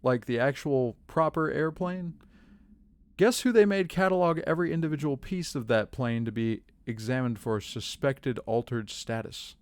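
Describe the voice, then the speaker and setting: A man with a mid-range voice streams a video game, chatting, joking and talking to his chat at a moderate pace. This casual livestream commentary has no echo.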